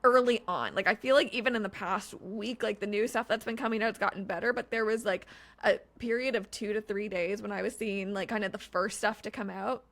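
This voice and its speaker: A woman's voice: mid-range voice, steady tone, fairly quick, a bit bright. A young woman from Canada, a podcast guest, chatting enthusiastically and laughing often. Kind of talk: casual podcast chat.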